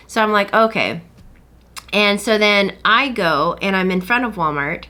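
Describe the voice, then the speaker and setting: Woman podcast host with a bright, sharp voice. Chatty storyteller who acts out other people's lines. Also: mid-range voice, moderate pace. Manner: animated retelling, acting out other people's lines. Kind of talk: casual storytelling chat.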